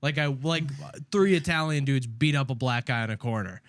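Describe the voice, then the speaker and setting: A young man hosting a podcast, telling a story in casual chat, animated and full of laughs. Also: mid-range voice, normal speed, dry recording. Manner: animated, laughing, acts out quotes. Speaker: podcast host.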